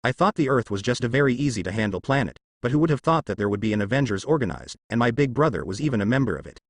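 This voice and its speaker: A man's voice: mid-range voice, animated, racing, no echo, studio quality. A man reading a storybook voices an arrogant, scheming male god who rants with contempt. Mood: bitter. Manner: ranting, contemptuous.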